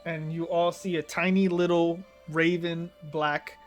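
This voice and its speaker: A man with a high voice running a tabletop game as game master. He narrates in a relaxed, easy way and laughs often. Quiet music sits behind him. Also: a little slow.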